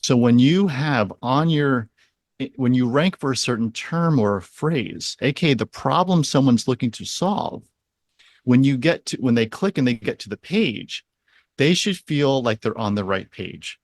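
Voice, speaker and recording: A man's voice: medium pitch, lively intonation, unhurried, no room sound. A man speaking as a podcast guest, explaining his field step by step with everyday examples. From San Diego area. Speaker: SEO strategist guest.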